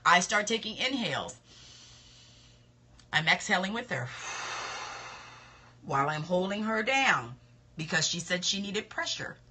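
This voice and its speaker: A woman's voice: lowish voice, very animated, unhurried, long pauses, sharp tone, a little hiss or hum. A woman, coaching other estheticians in casual live-stream talk, confident and emphatic, often repeating her points.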